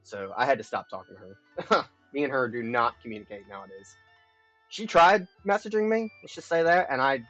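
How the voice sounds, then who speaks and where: A man's voice: mid-range voice, expressive, normal speed, a bit bright, soft background music. A young man live streaming, telling a long personal story in a rambling, profane, frank way. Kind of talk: casual storytelling chat. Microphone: streaming mic. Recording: dull lo-fi stream audio.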